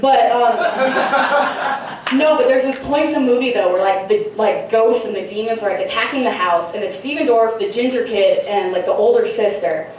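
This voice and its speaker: A young woman performs a stand-up set on a club stage, rambling through her stories with constant fillers, curse words and giggles. Her voice sits a little high. It is picked up from a distance in a very echoey room with a faint hum of ambience behind her. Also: normal speed. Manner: rambling, filler-heavy, profane, giggly delivery. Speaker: stand-up comedian. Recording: very echoey room recorded from afar.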